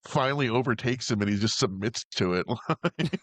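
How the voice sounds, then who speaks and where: A man co-hosting a casual movie-review podcast, animated and swearing, often slipping into jokey character voices. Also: mid-range voice, brisk, no echo. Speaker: podcast co-host.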